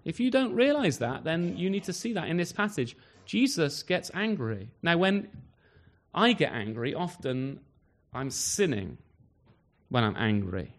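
A man's voice: fairly high pitch, big pitch swings, unhurried. A man preaching a sermon at an evening service, emphatic, often closing points with rhetorical tag questions like "isn't he?".

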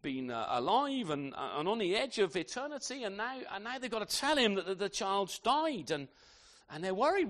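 High, animated male preacher. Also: normal speed. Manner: animated, leans on rhetorical tag questions; repeats words as he restarts phrases. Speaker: pastor. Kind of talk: expository sermon.

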